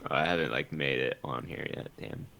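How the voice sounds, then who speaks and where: A man playing in an online tabletop game, animated and laughing, asking rules questions. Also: a bass voice, fairly quick, creaky. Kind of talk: casual play over voice chat.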